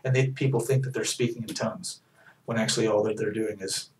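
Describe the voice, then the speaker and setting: Fervent preacher in a roomy space. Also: male voice, steady tone, a little fast, darkish tone, recorded from a distance. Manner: fervent, repeats words, rises to emphatic peaks then drops low. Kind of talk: sermon.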